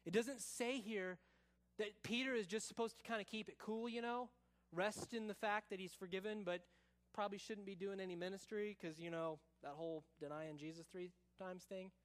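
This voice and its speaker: Man, high-pitched, pastor, sermon, conversational, soft low quotes. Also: steady tone, normal speed. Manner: expository preaching, drops to soft low tones for quoted lines; casual asides, says y'all.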